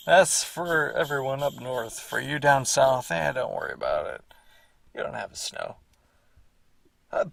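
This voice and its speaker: A man's voice: mid-range voice, gravelly, no echo, recorded from a distance. A man giving rambling, casual commentary on his own series, repeating himself and swearing now and then.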